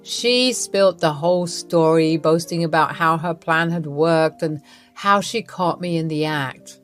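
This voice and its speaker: A woman's voice: low voice, unhurried, soft background music. A woman narrating a scripted first-person drama story with a wry, amused manner.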